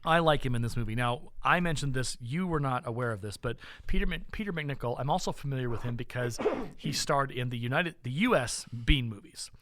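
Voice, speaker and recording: A man's voice: medium pitch, brisk, fairly bright tone, a little hiss or hum. A man co-hosting a podcast in casual chat, enthusiastic and rambling with frequent restarts. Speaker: podcast co-host.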